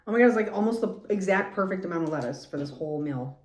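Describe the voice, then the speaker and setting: A woman's voice: on the low side, expressive, fast, darkish tone. A woman vlogger chatting casually and rambling while she eats on camera. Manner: chatty, rambling, mouth full between lines. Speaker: mukbang vlogger. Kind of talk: casual eating chat. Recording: echoey room.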